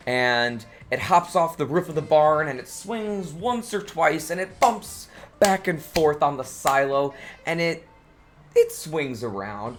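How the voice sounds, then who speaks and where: A male streamer with a mid-range voice improvises a bedtime story, relaxed and rambling, restarting phrases as he goes.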